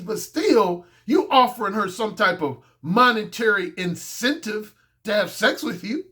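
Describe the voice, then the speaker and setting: A man with a high voice for a male speaker holds forth as a dating coach in a loose, unscripted monologue. He talks bluntly and boastfully, with plenty of profanity. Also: animated, a little slow, bright, forceful tone. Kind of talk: casual monologue.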